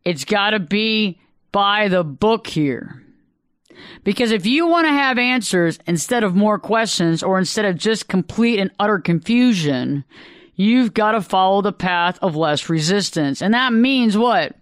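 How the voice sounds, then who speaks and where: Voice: mid-range voice, expressive, measured pace, no room sound. A radio talk show host speaking earnestly into a studio microphone, telling stories and repeating phrases for emphasis. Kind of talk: solo talk radio monologue.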